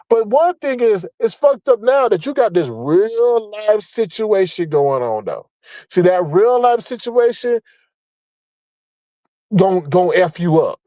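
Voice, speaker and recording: An online commentator with a high-pitched, slightly mellow voice launches into a blunt, profane rant, scolding and mocking while repeating his points to drive them home. The rough recording sounds dry and close, with no room sound at all.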